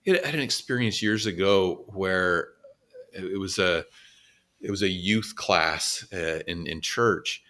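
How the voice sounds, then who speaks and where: A man's voice: low voice, takes it slowly, pushed and bright. A man co-hosting a podcast, reflecting earnestly in casual conversation and sharing his own experiences. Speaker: podcast co-host.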